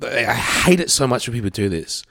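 A man co-hosts a radio show in casual conversation, and his pitch moves a lot. He rambles and rants with joking indignation. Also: lively intonation, normal speed, gravelly, pushed and bright, no room sound, studio quality. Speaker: radio co-host.

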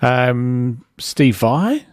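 A man's voice: medium pitch, big pitch swings, very slow, clear, resonant tone, no echo, clean studio sound. A man with an Australian accent hosting casual breakfast radio, back-announcing songs with loose, chatty asides. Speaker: radio host.

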